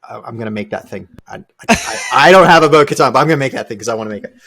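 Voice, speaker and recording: An excited man on a fan podcast whose words tumble out, so he stammers and restarts. His voice sits at a middle pitch. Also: very fast. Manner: excited, stammers when eager. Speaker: podcast co-host. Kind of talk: casual fan podcast chat.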